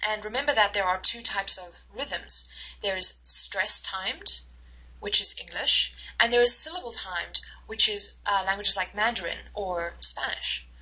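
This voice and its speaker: A woman instructor giving a recorded lecture, explaining slowly with many fillers and acting out short example dialogues. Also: mid-range voice, pushed and bright, slightly rough, low-quality recording.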